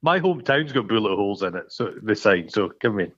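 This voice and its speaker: A man's voice: lowish voice, big pitch swings, brisk, a bit bright. A man co-hosting a podcast, chatting casually about a film, swearing freely and acting out quoted lines. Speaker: podcast co-host. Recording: dull lo-fi sound.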